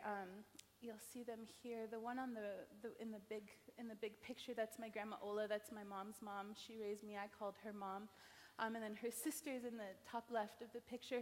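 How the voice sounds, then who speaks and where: An American woman from New Mexico giving a heartfelt personal talk as an invited speaker at an event. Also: a little high. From New Mexico, United States. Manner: earnest, heartfelt storytelling. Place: large event hall. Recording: long reverb of a large hall.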